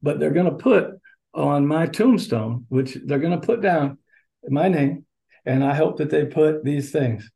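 A man's voice: a little high, measured pace, gravelly, warm tone. A middle-aged man, an assistant basketball coach, talking earnestly and getting fired up in a podcast interview.

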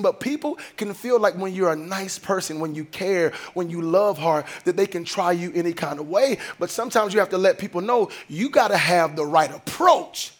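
High-voiced impassioned male preacher. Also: normal speed, hardly any pauses. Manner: dramatic preaching, acts out family scenes in voices. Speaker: pastor. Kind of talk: sermon. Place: on stage before a congregation.

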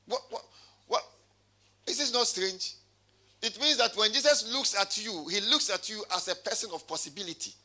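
A man's voice: high-pitched, moderate pace, sharp tone. A male pastor preaching a sermon, calling out to his congregation and reading scripture aloud. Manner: preaching with call-and-response.

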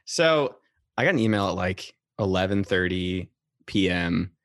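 A man with a fairly low voice that rises and falls a lot as he spins an anecdote. He laughs often while talking. The sound is close and dry, with no room around it. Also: unhurried, dry recording. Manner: animated storyteller, laughs often. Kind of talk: casual podcast chat.

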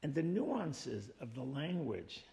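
A man with a deeply gravelly, creaky voice reads a short literary passage aloud and then unpacks it. He talks in a thoughtful, measured, explanatory way. The sound carries a long reverb tail, as if in a big hall. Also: big pitch swings, mellow. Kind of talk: reading aloud and reflecting on a passage.

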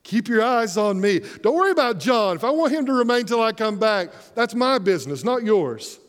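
A man voicing Jesus as a grown man, firm and steady as he redirects a disciple. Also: high-pitched, normal speed, big-room sound, pitched above the performer's own voice.

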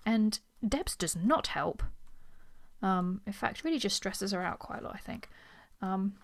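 A woman's voice: mid-range voice, expressive, a little slow, no echo. A woman co-hosting a podcast, talking about a novel in a wry, teasing way. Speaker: book podcast co-host. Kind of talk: casual book discussion.

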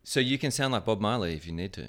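Host, man, slightly low voice, playful interviewer with quick asides. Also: expressive, a bit bright. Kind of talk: casual interview chat.

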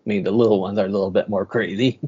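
A man's voice: on the low side, steady tone, fast, warm tone, slightly rough, muffled recording. A man co-hosting a podcast in easygoing casual chat, laughing between thoughts. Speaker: podcast co-host.

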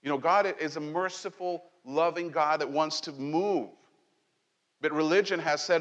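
A man's voice: a little high, measured pace, long reverb tail, highs cut off. A man preaching a sermon as pastor, talking conversationally and joking with his congregation. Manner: conversational, animated preaching with jokes and asides. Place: church sanctuary.

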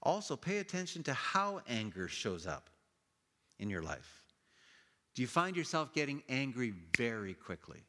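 Animated preacher in a reverberant hall. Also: male voice, medium pitch, normal speed. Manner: animated storytelling with playful quoted voices. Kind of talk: sermon.

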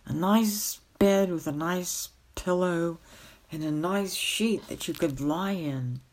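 A woman's voice: fairly low pitch, takes it slowly. A woman voicing a bumbling, mournful older king-knight who whines and sighs. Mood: plaintive whining. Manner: plaintive, whining, sighing.

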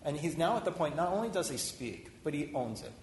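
A rabbi giving an informal, conversational sermon, talking with lively restarts and acted-out quotes. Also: male voice, a little high, brisk, a little hiss or hum. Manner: conversational, animated, many restarts. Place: synagogue hall. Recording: roomy hall echo, faint ambience.

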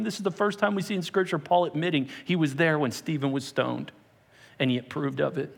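Preacher guy from pennsylvania, kinda high voice, acts out the dialogue in his stories. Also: brisk, vocal fry. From Pennsylvania, United States. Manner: animated storytelling, acts out dialogue. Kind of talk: sermon.

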